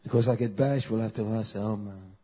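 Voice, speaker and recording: A man in his fifties preaching a sermon, swinging between loud fervent passages and soft, intimate asides. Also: on the low side, rapid-fire, husky, muffled recording.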